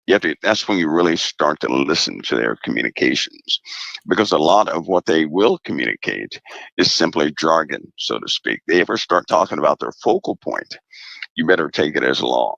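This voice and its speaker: A man speaking as a guest commentator in a casual interview, deliberate and emphatic, repeating key phrases. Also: a bass voice, very animated, creaky, a bit bright, no room sound, highs cut off.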